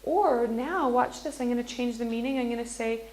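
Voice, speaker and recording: A woman teaching an English lesson to a class, speaking slowly and clearly. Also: a little high, a little mellow. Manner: slow, clear, encouraging teacher talk. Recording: echoey classroom with faint noise.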